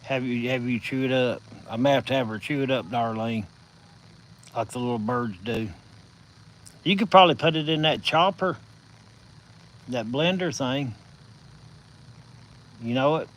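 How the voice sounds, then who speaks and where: A man with a Southern US accent hosting a casual live stream from his phone, telling stories in a folksy, drawn-out way. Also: medium pitch, slight background noise, poor audio. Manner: folksy, drawn-out storytelling with chuckles.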